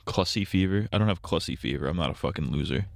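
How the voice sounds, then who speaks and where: A man's voice: sits low, expressive, fast, gravelly, no echo. A man casually commenting on a story game during a live stream, crude and joking, laughing often.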